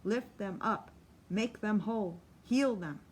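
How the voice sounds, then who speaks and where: A woman's voice: medium pitch, slow pace, breathy edge. A woman voicing a tormented male tent-revival preacher who pleads and cries out in impassioned calls. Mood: fervent pleading.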